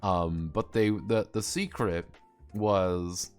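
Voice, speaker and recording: A man's voice: sits low, fairly even intonation, slow pace, clear, resonant tone, soft background music. A male streamer in a casual, rambling, sarcastic rant, swearing often and trailing off with fillers.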